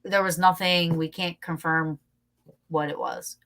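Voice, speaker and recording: Woman guest, casual storyteller, animated, laughs a lot, swears freely. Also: deep voice, measured pace, creaky.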